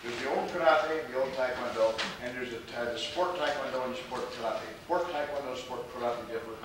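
A man teaching martial arts as a rambling lecture, repeating himself and filling pauses with fillers. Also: mid-range voice. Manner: digressive, repeats words, many fillers. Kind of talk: rambling lecture with audience questions. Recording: distant, very echoey, noisy hall.

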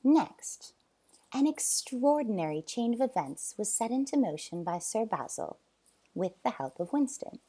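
A woman reading a children's storybook aloud, expressive, with loud sound effects. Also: fairly low pitch.

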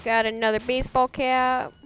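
A woman doing live gameplay commentary, goofy and excitable, often squealing and laughing at her own jokes. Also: fairly high pitch, moderate pace. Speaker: game streamer.

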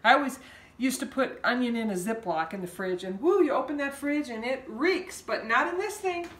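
In her home kitchen, a woman hosts a casual cooking show, chatting in a folksy way as she walks through each step. Her fairly high, bright voice has lively intonation and a moderate pace. The audio is echoey, with the mic a bit far off.

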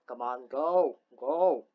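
Excitable woman narrating her gameplay. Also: sits low, highs cut off. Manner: excitable, talks to herself, bursts into playful theatrical gloating. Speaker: gaming video host. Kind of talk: casual gameplay commentary.

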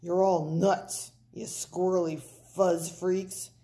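A mean, growling bully of a dog barks orders at everyone, as a woman reading a storybook puts him on. He speaks slowly and snarls every word, bossy and scornful. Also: fairly low pitch, flat delivery, mellow. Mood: fed up. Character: mean gruff bully prairie dog, male.

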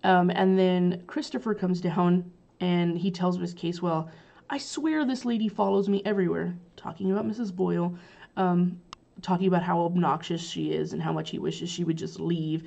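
A woman's voice: on the low side, level tone, normal speed, creaky, dark tone, highs cut off. A woman giving a chatty, casual summary of a play, retelling the scenes with fillers and paraphrased quotes.

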